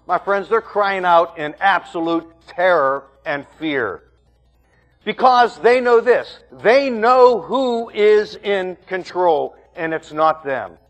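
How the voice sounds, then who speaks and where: A man's voice: high-pitched, lively intonation, takes it slowly, a bit bright, faint music behind. A man preaching a sermon as pastor, emphatic and repetitive, building points in phrases.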